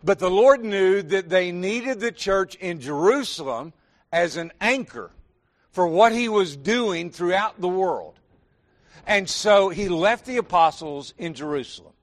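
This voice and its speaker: A man preaching in a Southern accent, his voice sitting high for a man. He teaches in a folksy, homespun way, throwing questions at the congregation and calling them "y'all." He sounds middle-aged. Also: expressive, measured pace. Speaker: pastor. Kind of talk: sermon.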